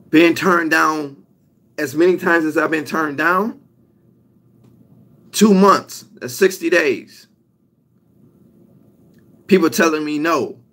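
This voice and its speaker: A young man gives a motivational talk in an emphatic, repetitive way. He leans on his main points and slows down to land them. His voice sits slightly high for a man. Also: fairly bright tone. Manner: emphatic, repetitive, drawn-out punch lines. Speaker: motivational speaker.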